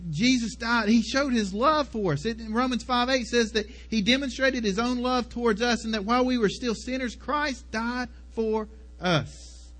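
A man's voice: very high-pitched, fairly bright tone. A man preaching earnestly, often repeating and restarting words. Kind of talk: sermon.

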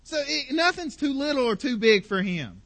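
A pastor delivering a sermon in a high, bright, forceful voice. He preaches with passion and builds his points through emphatic repetition. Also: big pitch swings, moderate pace.

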